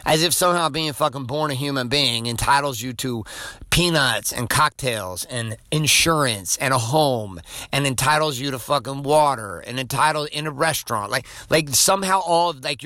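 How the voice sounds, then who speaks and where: A man's voice: mid-range voice, pushed and bright, no echo. A male podcast host giving a blunt, profane, emphatic motivational monologue.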